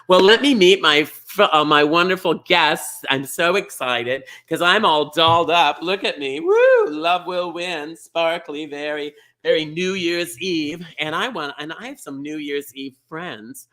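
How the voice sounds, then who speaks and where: A man's voice: a little high, lively intonation, measured pace, few pauses, a bit bright. A man playing a chatty middle-aged small-town lady who hosts a comedy bingo show, gushing and rambling, tripping over names, on a video call. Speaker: host. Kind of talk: comedic drag character hosting.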